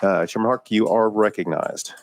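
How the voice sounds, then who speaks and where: A man's voice: lowish voice, normal speed, no echo. A man chairing a legislative committee hearing, running votes in a plain, procedural way with frequent fillers, speaking into a desk microphone.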